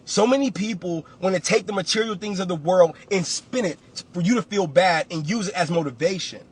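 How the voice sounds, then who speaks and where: A man's voice: sits high, a little fast, breathy edge. A man, a real estate coach giving a blunt, preachy motivational talk on a livestream and repeating phrases for emphasis.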